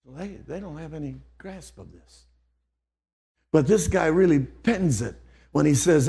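Old-fashioned preacher with a gravelly voice. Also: male voice, medium pitch, unhurried, long pauses. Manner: old-fashioned preaching, swings from hushed to fervent outbursts. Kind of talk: sermon.

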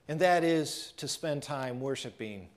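A man preaching, telling a story in a dramatic way that drops to a hush on key lines. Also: mid-range voice, expressive, measured pace. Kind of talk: sermon storytelling.

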